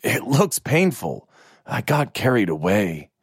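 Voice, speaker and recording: A man voicing a tired, guarded young swordsman who grumbles his lines, slightly above his usual pitch. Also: sing-song, slow, husky, dry recording, studio quality, exaggerated voice. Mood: subdued.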